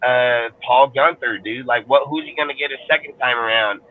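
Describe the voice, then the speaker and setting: This heated, profane sports rant comes from a Californian-accented man on a football fan panel, cursing constantly and starting sentences over. He speaks at a normal speed in a mid-range voice. The sound is phone quality, with a little background noise.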